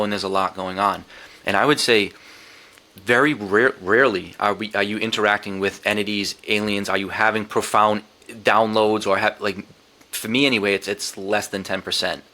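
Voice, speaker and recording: With a fairly low, sharp-toned voice, fairly even intonation, and normal speed, a middle-aged man shares a candid story on a podcast. It's emotional and full of profanity, with many restarts and quoted thoughts from his own head.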